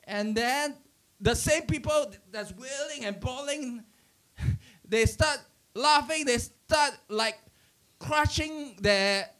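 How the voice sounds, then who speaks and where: A middle-aged man, a pastor, giving a conversational church teaching with animated storytelling, restarting his sentences often and chuckling. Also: very high-pitched, takes it slowly.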